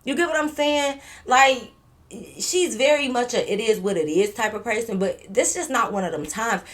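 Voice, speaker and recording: Animated young woman telling a storytime. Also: on the high side, moderate pace. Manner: animated, slangy, acts out quotes and drops to a whisper. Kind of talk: casual storytime chat.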